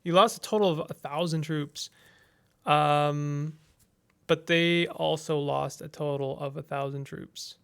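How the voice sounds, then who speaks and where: Smooth yet creaky, his fairly high, fairly bright voice keeps a steady tone at a measured pace. He comments casually on a text-based strategy game, voicing its text and mulling his moves with little hesitations.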